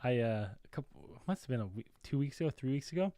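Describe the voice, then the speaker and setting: A man co-hosts a podcast in casual chat and tells a loose, rambling story. His voice sits at an ordinary pitch. The recording is close and dry. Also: big pitch swings, fast talker, warm tone, no room sound. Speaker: podcast co-host.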